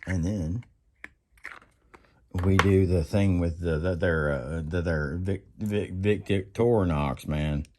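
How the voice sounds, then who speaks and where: A man hosting a casual workbench vlog, rambling and laughing, breaking into sudden high whoops. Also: slow pace. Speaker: channel host. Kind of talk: casual tool-bench vlog.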